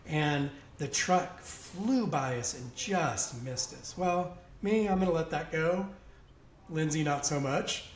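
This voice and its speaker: A man with a slightly raised pitch tells a story on a podcast, casual and animated, laughing along. The room rings with echo, and a faint hiss sits under his voice. He talks the way a guest does when he has told a story before and enjoys it. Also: slow. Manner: animated anecdote-teller who laughs along.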